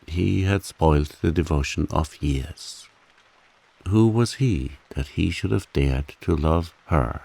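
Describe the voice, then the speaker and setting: A man calmly and softly reading a bedtime story aloud, meant to soothe listeners to sleep. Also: very deep voice, slow, gravelly. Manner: calm, softly spoken. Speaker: audiobook narrator.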